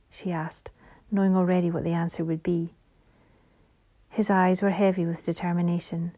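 A woman reads a fantasy novel aloud in a soft, measured voice. Her tone is mellow and rather dark. At times she drops into a hushed whisper. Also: lowish voice, steady tone. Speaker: audiobook narrator. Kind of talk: scripted fantasy narration.

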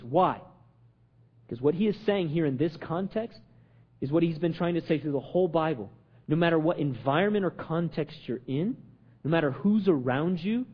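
Animated high-voiced male preacher. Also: moderate pace, slightly rough, highs cut off. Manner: emphatic, repetitive rhetorical questions, swinging between loud and hushed. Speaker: pastor. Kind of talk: sermon.

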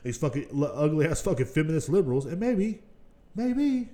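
A man's voice: a little high, sing-song, brisk. Profane ranting male podcast host. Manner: profane, ranting, swings between mutters and loud outbursts. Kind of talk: casual solo podcast rant.

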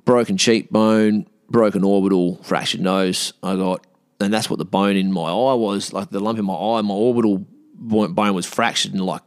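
A man's voice: normal speed, no echo, clean studio sound. A young man casually telling a story, swearing freely and acting out the people he quotes. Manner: animated, swears, acts out quoted voices higher.

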